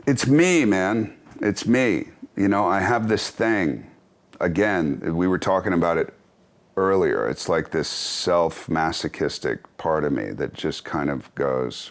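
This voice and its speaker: A man's voice: sits low, expressive, measured pace. A man in his fifties, an actor being interviewed, talking candidly in a reflective, wry, self-deprecating way with chuckles. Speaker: actor and author, interview guest.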